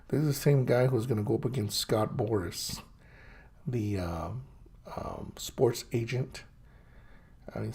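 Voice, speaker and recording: A man's voice: on the low side, warm tone, breathy edge. A middle-aged man hosting his own show, rambling through a blunt, scornful rant full of fillers and restarts. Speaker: host. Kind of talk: ranting monologue.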